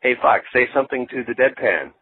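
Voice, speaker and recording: A man's voice: mid-range voice, lively intonation, a little fast, husky. A father calling in from an outdoor rail platform over the phone, chatting casually. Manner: casual, chatty, coaxing his young son. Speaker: caller, father. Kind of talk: phoned-in voicemail. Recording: tinny phone line.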